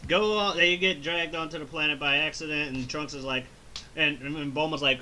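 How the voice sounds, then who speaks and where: Against slight background noise, a man with a fairly high voice hosts a casual movie review at a moderate pace. He recaps the plot animatedly, cursing, laughing, and constantly acting out bits.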